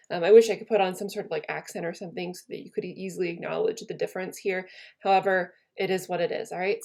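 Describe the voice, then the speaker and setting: A woman's voice: mid-range voice, creaky, darkish tone. Chatty woman teacher at home. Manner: chatty, paraphrases in modern slang, many ums. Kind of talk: casual recorded class lesson. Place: her home.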